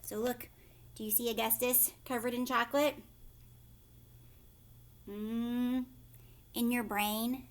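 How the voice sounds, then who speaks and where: A woman teacher reading a chapter book aloud to children, pausing to ask questions in whispered asides. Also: on the high side, little pitch movement.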